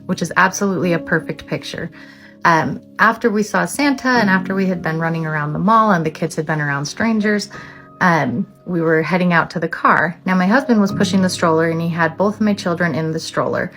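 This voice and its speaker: A woman's voice: fairly low pitch, fairly bright tone. A woman and mother telling a candid, reflective story in a casual vlog, with frequent "um"s. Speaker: mother of deaf children.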